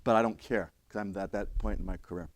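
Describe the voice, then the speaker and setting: A man's voice: lowish voice, steady tone, fast, dry recording. A middle-aged man lecturing emergency responders in a blunt, conversational way. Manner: blunt, conversational, acts out quoted voices. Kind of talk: classroom lecture with stories.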